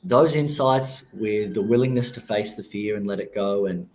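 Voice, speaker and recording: A man explaining his approach calmly and thoughtfully as a guest on a podcast interview. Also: on the low side, moderate pace, slight background noise.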